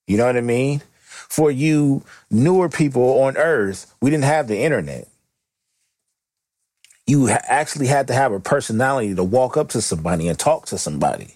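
A man's voice: mid-range voice, animated, normal speed, darkish tone, no room sound. Blunt, slangy middle-aged male podcast host. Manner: joking, rambling, slangy and blunt. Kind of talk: casual comedic monologue.

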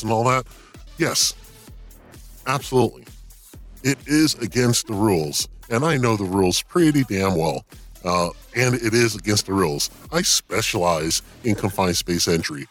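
Guest-hosting a podcast, a man with a fairly low, unhurried voice talks casually and launches into blunt rants full of profanity and laughing asides. Soft music plays in the background.

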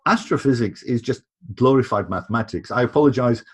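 A man's voice: mid-range voice, lively intonation, brisk, slightly rough. A man speaking as a podcast guest in casual conversation, emphatic, and repeating words when he presses a point.

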